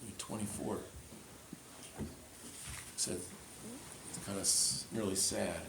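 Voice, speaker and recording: A man's voice: deep voice, fairly even intonation, slow, vocal fry, background noise. A man who is a pastor, giving a sermon and telling a story in the manner of a storyteller. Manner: storytelling, retelling a conversation in quotes. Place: church. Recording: echoey church with faint ambience.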